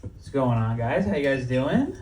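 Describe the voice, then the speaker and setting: Onstage at a comedy club, a young man performs a casual, profane stand-up set, laughing at his own jokes as the live audience laughs and cheers. His mid-range voice has lively intonation at normal speed. The distant mic gives a roomy live club sound, and background noise is heavy.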